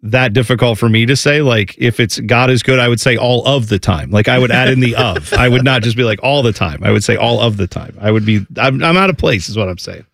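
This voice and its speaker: A man's voice: mid-range voice, quick pace, creaky, hardly any pauses, fairly bright tone, no room sound, clean studio sound. A man co-hosting morning sports radio, chatting casually and rambling with self-mocking asides. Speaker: radio co-host.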